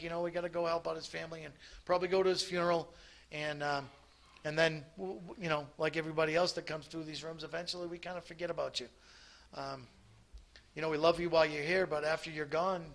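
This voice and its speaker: Guy sharing his story at a meeting, kinda high voice, lots of ums and restarts. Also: vocal fry, a bit bright. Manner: halting, many restarts and ums. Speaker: recovery meeting speaker. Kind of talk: personal testimony to a room.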